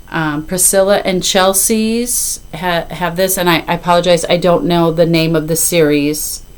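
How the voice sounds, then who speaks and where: Brief: fifties woman, slightly low voice, chatty hobby vlogger, loose and apologetic. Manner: rambling and apologetic, with filler. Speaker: cross-stitch vlogger. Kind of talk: casual chat to camera.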